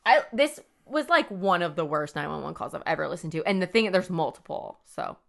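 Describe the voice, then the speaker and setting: A woman with a fairly low but bright, crisp voice narrating a story for a podcast. She talks loosely and casually, leaning heavily on "like" as she retells events. The delivery is conversational. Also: lively intonation, brisk. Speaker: podcast host.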